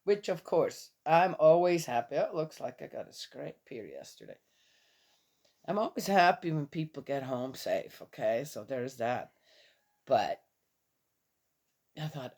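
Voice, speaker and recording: A woman's voice: sits low, big pitch swings, slow pace, long pauses, darkish tone. A woman in her fifties, a little tired, chatting casually in a morning vlog, rambling and chuckling often. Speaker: vlogger.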